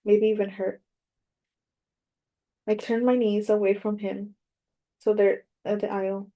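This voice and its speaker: A woman narrates a first-person audiobook in a measured, even reading. Her voice is dark and mellow, and the melody stays flat from line to line. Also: mid-range voice.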